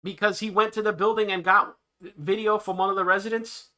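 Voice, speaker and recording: A man's voice: high-pitched, flat delivery, a little fast, pushed and bright. A man hosting a livestream, reacting to news clips with sarcastic commentary and frequent laughter. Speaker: livestream host.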